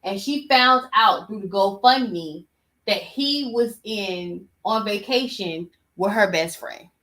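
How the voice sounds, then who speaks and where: A woman's voice: mid-range voice, slow, a bit bright. Exasperated woman podcast host. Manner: exasperated, emphatic. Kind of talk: casual reaction commentary.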